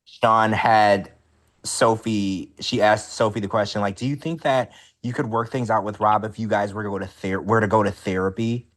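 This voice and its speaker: A man co-hosting a casual podcast recap, chatty and animated, his voice jumping up high when excited. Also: moderate pace. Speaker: podcast co-host.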